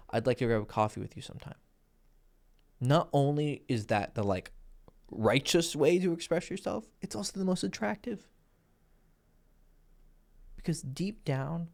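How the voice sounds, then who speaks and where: A man's voice: medium pitch, gravelly, a little mellow. A man giving crude, blunt dating advice in a casual, lecturing monologue, full of profanity. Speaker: dating coach.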